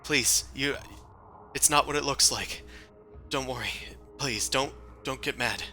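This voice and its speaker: A man's voice: medium pitch, normal speed, pushed and bright, soft background music, pitched above the performer's own voice. A man voicing a distraught, flustered woman in a tabletop game. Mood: pleading. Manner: pleading and flustered. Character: frantic, distraught woman hiding a secret.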